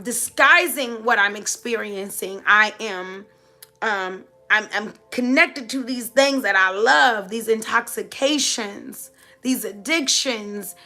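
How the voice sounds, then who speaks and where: A woman's voice: a little high, vocal fry, sharp tone. A middle-aged woman giving a heartfelt motivational talk to live viewers, with emphatic, preacher-like repetition. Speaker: motivational speaker.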